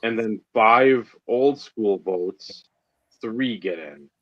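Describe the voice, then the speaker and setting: A man on a casual podcast who drops short, dry quips between longer explanations. His voice comes through a slightly dull, lo-fi line, at a middle pitch. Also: very slow. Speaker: podcast co-host. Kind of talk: casual chat. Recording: dull lo-fi sound.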